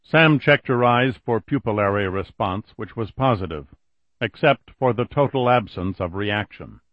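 A man narrating an audiobook in a steady, even reading voice, on a dull lo-fi recording. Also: fairly low pitch, normal speed, dry recording. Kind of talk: scripted narration.

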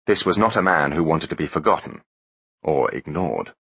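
A man narrating a story aloud in a scripted, expressive storytelling manner. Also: rumbling low, normal speed, creaky, breathy edge, no echo. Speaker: audiobook narrator.

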